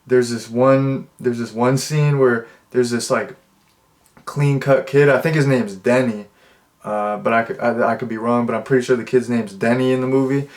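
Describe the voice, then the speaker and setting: A man's voice: medium pitch, steady tone, normal speed. A man giving a casual, rambling movie review, amused and full of filler words. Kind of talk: casual unscripted monologue.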